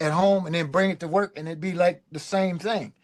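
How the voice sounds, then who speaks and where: A middle-aged man, a guest musician, telling loose, animated stories in a casual chat. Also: high voice, fairly quick. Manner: animated, loose, peppered with "man" and "you know". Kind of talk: casual storytelling.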